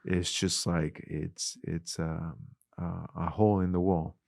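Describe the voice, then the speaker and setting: A middle-aged man with a Spanish-influenced accent, a youth ministries director telling animated stories in an interview and acting out the dialogue. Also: low-pitched, slow, creaky, dry recording, clean studio sound. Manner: animated storyteller, acts out quoted dialogue. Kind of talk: conversational interview.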